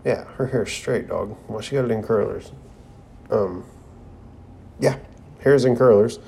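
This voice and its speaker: A man's voice: lowish voice, unhurried, vocal fry, mellow. A young man casually recapping an anime episode, reading the characters' lines aloud in his own voice with loose fillers and slang. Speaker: anime reviewer.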